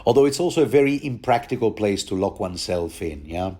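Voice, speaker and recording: A man's voice: fairly low pitch, animated, brisk, dark tone. A man giving a rambling, chatty commentary on a book, with many restarts and bits of laughter. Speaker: podcast host reading and commenting on a book.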